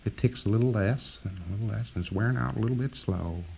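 A man's voice: lowish voice, fast, creaky, husky, muffled recording. A man giving a conversational, jokey lecture to trainees, acting out little scenes as he explains.

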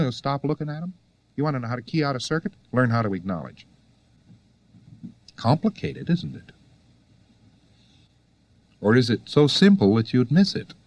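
A man's voice: medium pitch, no echo. A man giving a conversational lecture to students, full of rhetorical questions and wry asides.

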